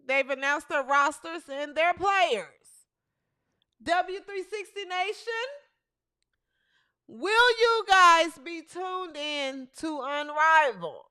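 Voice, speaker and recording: The voice is a high-pitched woman's, taking things slowly. As the host of a casual livestream podcast on women's basketball, she chats animatedly with viewers, reads out rosters and struggles a bit with her setup.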